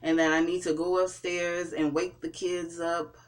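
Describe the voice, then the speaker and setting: Slow, halting TV recap vlogger. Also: mid-range voice, level tone. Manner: hesitant, with frequent fillers and restarts. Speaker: TV show reviewer. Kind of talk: casual episode recap and review.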